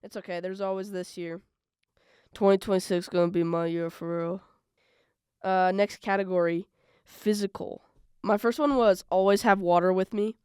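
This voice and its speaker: Young woman rambling on her own podcast, super smooth clear voice, dry close mic, says like a lot. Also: mid-range voice, moderate pace, no echo. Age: young adult. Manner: chatty and rambling, lots of "like" and "bro"; animated, swings between loud bursts and mumbled asides. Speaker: college radio podcast host. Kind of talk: casual solo podcast chat.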